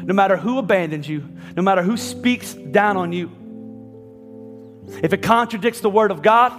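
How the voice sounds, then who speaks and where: A man with a high voice preaches a passionate sermon, slipping into the voices of his listeners and of Bible figures. His voice rings out through a large church hall with a long reverb, and soft instrumental music plays underneath. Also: moderate pace. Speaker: pastor. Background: faint instrumental music.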